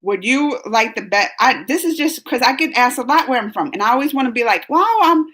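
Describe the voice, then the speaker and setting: A woman's voice: on the high side, lively intonation, fairly quick, fairly bright tone. A chatty woman, feeling a bit sick and rambling through a casual live chat with viewers, laughing often. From New Orleans, USA. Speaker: livestream host reading chat.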